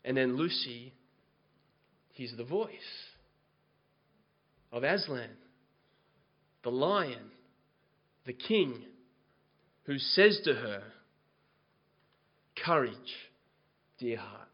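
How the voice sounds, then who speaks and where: Male pastor preaching slow, gets fired up and loud, kinda muffled lo-fi audio. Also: mid-range voice, expressive. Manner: builds from quiet reading to loud, impassioned preaching. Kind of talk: sermon.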